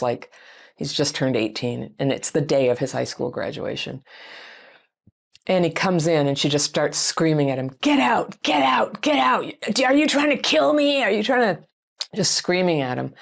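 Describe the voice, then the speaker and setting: Low gravelly middle-aged woman. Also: darkish tone. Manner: candid, rambling, many fillers. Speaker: self-help video host. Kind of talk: personal reflective monologue.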